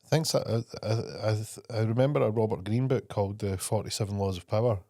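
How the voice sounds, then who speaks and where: Podcast host, man, very deep and mellow, brags and swears, laughs easily. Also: fairly even intonation, a little fast, dry recording, studio quality. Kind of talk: casual chat.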